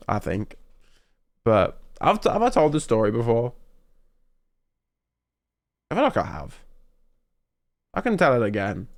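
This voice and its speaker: Young man from the UK, rambling streamer, average pitch, faint music behind. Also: no room sound. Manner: rambling, self-interrupting, laughs often. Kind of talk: casual storytelling chat.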